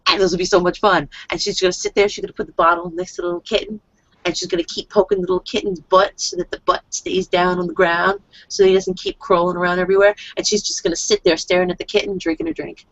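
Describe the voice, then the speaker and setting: Giggly and profane, this tabletop role-play player rambles casually while narrating her character. She talks fast with a low, creaky voice and lively intonation, and the dull lo-fi recording is dry with no echo.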